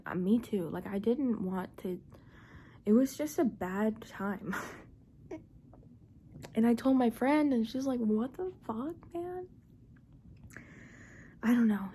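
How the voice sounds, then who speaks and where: A woman's voice: mid-range voice, gravelly, warm tone, slight background noise. A young woman casually telling a personal story, chatty and full of "like", often dropping to a half-whisper. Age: young adult. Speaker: vlogger.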